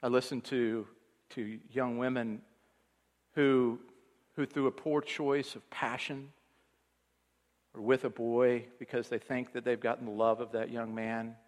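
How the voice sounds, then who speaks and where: A male pastor preaching with a storyteller's pull, pressing some lines out loud and letting others drop almost to a murmur. His voice sits at an ordinary middle pitch. It rings through a space with a long, lingering reverb. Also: little pitch movement, measured pace, long pauses. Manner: storytelling, swinging between loud emphasis and hushed low passages. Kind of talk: sermon.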